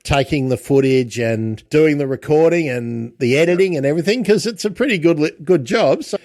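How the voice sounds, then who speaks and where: A man's voice: fairly high pitch, brisk, darkish tone, dry recording. Chatty man hosting, dry close sound. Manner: chatty, restarts sentences often. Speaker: podcast host. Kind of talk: casual interview chat.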